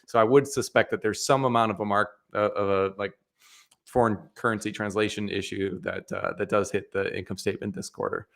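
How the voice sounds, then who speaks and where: Low-ish guy rambling about money stuff, lots of you know and like, restarts everywhere, chill live stream chat. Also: fairly even intonation, fairly quick, creaky, a bit bright. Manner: hesitant, full of restarts and fillers. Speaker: co-host of investing live stream. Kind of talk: casual finance chat.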